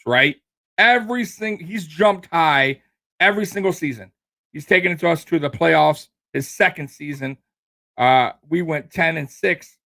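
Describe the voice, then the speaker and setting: A man's voice: fairly high pitch, a bit bright. A man hosting a fan sports show, ranting heatedly and with profanity, full of fillers and restarts.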